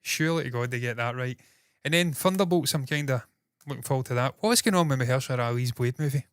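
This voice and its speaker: A man's voice: medium pitch, quick pace, a bit bright, smooth, no room sound, clean studio sound. A man hosting a casual solo entertainment news livestream, rambling and swearing freely as he chats to viewers. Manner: rambling, profane and self-deprecating.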